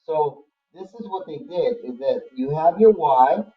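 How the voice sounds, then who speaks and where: A man's voice: on the high side, expressive, measured pace, husky, lo-fi sound. A man teaching a math lesson to a class online in a casual, friendly way, calling on students by name.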